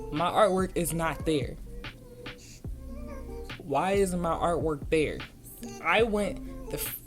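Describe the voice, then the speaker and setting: Young adult vlogger, slangy storyteller, mid-pitched voice, faint music underneath. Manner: casual slangy storytelling, excited and indignant. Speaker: art vlogger. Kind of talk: storytime over a speedpaint.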